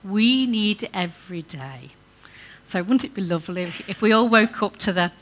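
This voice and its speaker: Woman giving a chatty talk at church about marriage, bright voice, gets the crowd to join in. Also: medium pitch, animated, normal speed. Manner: chatty, coaxing the audience to join in. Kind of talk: informal sermon to couples.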